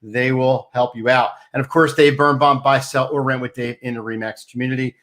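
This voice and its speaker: A man hosting a casual sports talk show, chatty and energetic, plugging sponsors between topics. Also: mid-range voice, fairly quick.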